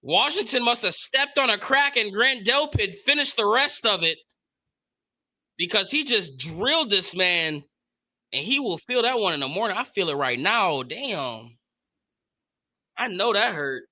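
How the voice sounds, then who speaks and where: A young man streaming casual live play-by-play of a football game, excitable and slangy, laughing often with his chat. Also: sits high, a little slow.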